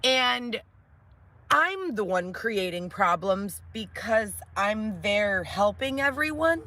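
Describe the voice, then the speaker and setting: Bright-voiced woman on a profane rant. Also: medium pitch, slow pace. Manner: animated, profane, mimics others in raised voice. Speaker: live-stream guest ranting about past job. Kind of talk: ranting live-stream monologue.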